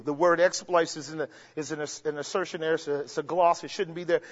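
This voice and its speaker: A man preaching a sermon, emphatic, swinging between shouts and low murmurs and asking the congregation rhetorical questions. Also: fairly quick, hardly any pauses. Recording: dull sound with long hall reverb.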